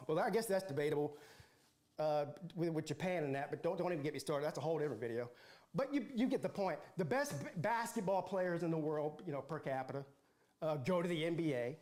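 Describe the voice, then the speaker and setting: A man's voice: high voice, darkish tone. A man hosting a football livestream, ranting in a mocking, sarcastic way and rambling with restarts. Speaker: football channel host.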